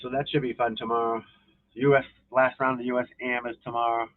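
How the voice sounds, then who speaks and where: A man's voice: medium pitch, little pitch movement, brisk. A man hosting a golf instruction live stream, rambling casually and swearing as he flips through channels and talks to viewers. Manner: loose, profane, talking to viewers while flipping channels. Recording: tinny phone-like audio.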